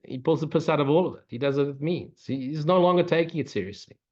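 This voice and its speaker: A man's voice: on the high side, quick pace, darkish tone. A man giving a casual spiritual Q&A talk, blunt, swearing often and joking between his points. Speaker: spiritual teacher. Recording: muffled, lo-fi recording.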